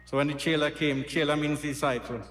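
A man gives a devotional sermon and tells stories earnestly, repeating his points. His voice sits a bit high. The recording is roomy, with faint music in the background. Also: fairly even intonation, brisk, a bit bright. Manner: storytelling, repetitive, earnest. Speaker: satsang speaker.

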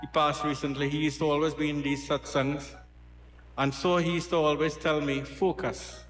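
Male satsang preacher, earnest storyteller; fairly high voice, echoey hall with faint music. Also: little pitch movement, normal speed, fairly bright tone. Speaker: satsang speaker. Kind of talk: devotional sermon.

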